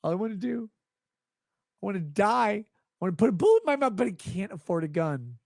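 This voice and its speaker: A drunk, slurring man putting on a high, pleading whine to mock a desperate, self-pitying man who begs for attention. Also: very animated, a little fast, gravelly, a little mellow, no room sound, studio quality, heavily acted.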